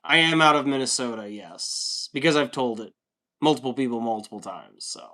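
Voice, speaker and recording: A man's voice: mid-range voice, moderate pace, pushed and bright. Male streamer in his thirties, from the US, easygoing and jokey, casual chat register. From United States. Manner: chatty, laid-back, joking, reads comments aloud. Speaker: livestreamer reading chat.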